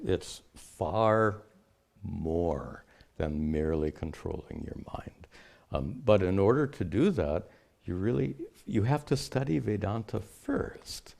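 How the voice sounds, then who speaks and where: A man, a spiritual teacher, answering questions in a measured, explanatory way. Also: deep voice, gravelly, darkish tone. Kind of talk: unscripted teaching talk.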